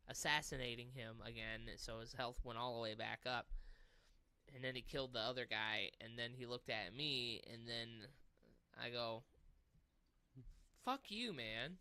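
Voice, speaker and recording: A man co-hosting a casual gaming podcast, telling stories in an animated, profane way. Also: mid-range voice, smooth, no echo. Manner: animated storytelling with swearing and laughs. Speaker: podcast co-host.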